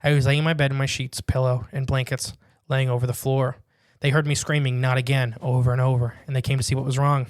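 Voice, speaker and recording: A man's voice: mid-range voice, flat delivery, dry recording, studio quality. Man reading a listener's story aloud. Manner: reads quickly with asides and jokes. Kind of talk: casual podcast chat, reading a submission aloud.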